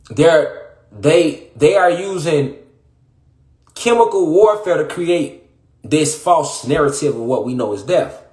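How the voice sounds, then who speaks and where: High-voiced man ranting in an echoey room. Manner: preachy, repetitive, profane, rising to shouts. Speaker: comedic conspiracy monologue performer. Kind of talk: rambling comedic monologue.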